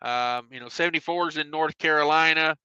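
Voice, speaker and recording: Bright, sharp-voiced man hosting a live stream. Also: fairly high pitch, clear, resonant tone, dry recording, highs cut off. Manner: easygoing, drawn-out filler sounds, reads chat aloud. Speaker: host of a trucking live show. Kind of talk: casual live-stream chat, reading viewer comments.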